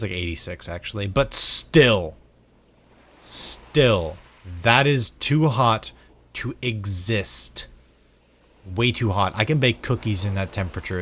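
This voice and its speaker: A man's voice: fairly low pitch, fairly bright tone. A sleep-deprived man from the United States, rambling casually to viewers while playing a game, repeating words and drifting between asides. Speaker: gaming vlogger. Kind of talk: rambling casual gameplay chat.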